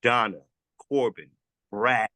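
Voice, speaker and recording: Guy telling his recovery story, earnest, keeps stumbling and restarting, normal pitch, dry sound. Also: sharp tone, no echo. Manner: halting, repeats words, earnest and heartfelt. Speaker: former guest sharing recovery story. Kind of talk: emotional testimonial.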